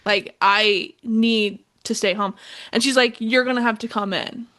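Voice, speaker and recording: Young female podcast co-host, somewhat high-pitched, rambling casual storyteller. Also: fairly even intonation, a little slow, bright, forceful tone. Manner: rambling storyteller with many fillers. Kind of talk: casual chat.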